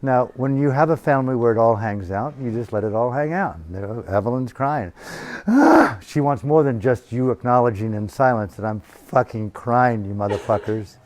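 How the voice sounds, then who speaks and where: Retreat teacher guy telling a story, swears a lot, animated, handheld mic, normal pitch. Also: fairly quick, hardly any pauses, no echo. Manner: animated, profane, acting out voices. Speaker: meditation teacher. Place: retreat hall. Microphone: handheld microphone.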